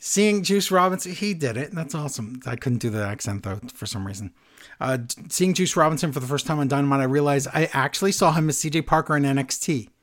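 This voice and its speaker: A man's voice: mid-range voice, fast talker. A man co-hosting a casual wrestling podcast, chatting and reading listener emails aloud. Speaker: podcast co-host. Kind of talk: casual chat.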